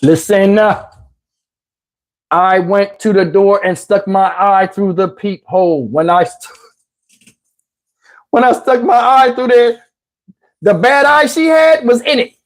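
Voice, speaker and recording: Animated, slangy storyteller man. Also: high-pitched, takes it slowly, long pauses. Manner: animated, slangy, loose, with frequent restarts and asides to viewers. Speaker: vlogger telling a personal story. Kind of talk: casual comic storytelling.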